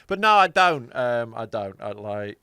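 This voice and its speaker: A man's voice: medium pitch, sing-song, measured pace, pushed and bright, clear, resonant tone, no room sound, clean studio sound. A man co-hosting a podcast, rambling and joking with a lot of hesitation. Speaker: podcast co-host. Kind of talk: casual comedic chat.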